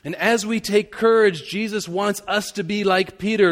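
A man's voice: high voice, fairly even intonation, normal speed, hardly any pauses. A male pastor preaching an earnest sermon that rises to emphatic declarations, in a church sanctuary. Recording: long hall reverb.

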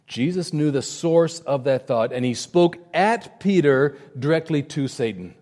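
A man's voice: fairly high pitch, lively intonation, unhurried, dark tone, in a large hall. A man preaching a sermon in a conversational way, acting out quotes and often restarting his words. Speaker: pastor.

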